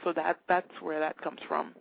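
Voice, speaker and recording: A woman's voice: low voice, normal speed, gravelly. Woman telling stories over a tinny phone line. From Trinidad. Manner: animated storyteller, acts out quoted voices. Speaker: guest. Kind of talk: casual interview talk.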